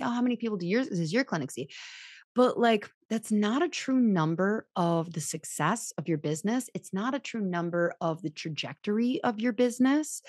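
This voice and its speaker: A woman chiropractor hosts a podcast of casual advice talk, covering business tips in a chatty, self-deprecating style and performing the voices of people she quotes. Her voice is lowish, and the recording is dry and studio quality.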